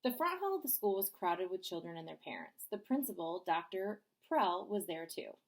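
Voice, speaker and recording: A woman's voice: on the low side, very animated, normal speed. Woman reading a bedtime story aloud. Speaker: storybook reader.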